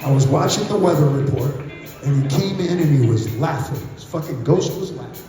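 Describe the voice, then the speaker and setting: An older man with a slightly high, animated voice tells profane, theatrical stories at a fairly quick clip between songs on a large concert stage. He speaks into a handheld stage mic, and the echoey live audience recording picks up band music and a cheering crowd.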